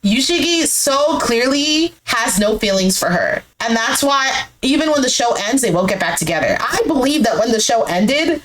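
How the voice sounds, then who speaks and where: A woman's voice: fairly high pitch, expressive, moderate pace, few pauses, a bit bright, poor audio. A woman giving a chatty, blunt recap of a show, filling her talk with "like" and swearing now and then. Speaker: recap creator reacting to a dating show. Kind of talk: casual recap commentary.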